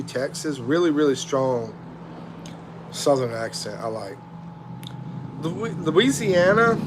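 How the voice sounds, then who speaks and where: Livestream host, middle-aged man, drawling and unhurried; loose, rambling chat, noisy street background. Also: medium pitch. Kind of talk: casual livestream chat reading viewer comments.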